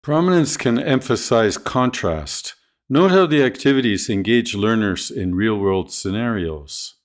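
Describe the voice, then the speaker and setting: A man narrating a scripted video on teaching pronunciation, speaking in a clear, deliberate, instructional way. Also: fairly low pitch, animated. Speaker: ESL teacher trainer.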